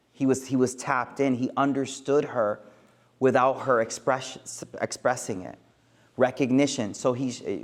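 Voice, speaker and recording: Man giving a lively, slangy talk. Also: mid-range voice. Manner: lively and joking, with street slang. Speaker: Islamic speaker. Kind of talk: casual talk to a live audience.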